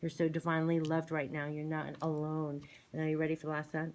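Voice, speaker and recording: A woman's voice: deep voice, completely flat delivery, quick pace, rough recording. A woman reading oracle cards in a soothing, gushing way, often repeating her phrases. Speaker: tarot and oracle card reader. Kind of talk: spiritual card reading monologue. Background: shuffling cards.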